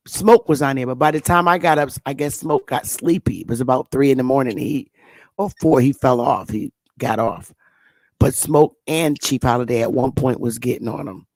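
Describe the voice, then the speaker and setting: A woman's voice: rumbling low, darkish tone, dry recording. A woman hosting her own channel, telling a rambling story in a casual monologue, often repeating and restarting words. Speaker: channel host.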